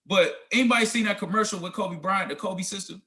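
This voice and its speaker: With a high, bright, forceful voice, this man talks fast as he motivates his team on a group call. As their leader, he sounds emphatic and preachy, using slang and calling everyone guys and family.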